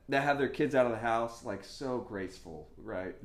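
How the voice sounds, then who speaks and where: A young man preaching a sermon in a casual, animated way, with laughs and asides. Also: medium pitch, moderate pace, hardly any pauses. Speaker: pastor. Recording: echoey room.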